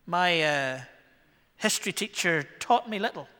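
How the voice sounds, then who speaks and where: Man, Northern Irish accent, pastor preaching a sermon, high voice, wry and self-deprecating, reverberant church hall. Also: lively intonation, unhurried, pushed and bright.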